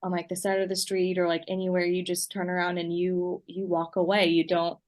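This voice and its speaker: Guest: woman with a lowish voice, thoughtful, halting, lots of fillers, casual chat. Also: little pitch movement. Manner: hesitant, reflective, heavy on fillers. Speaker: podcast guest. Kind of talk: casual conversation.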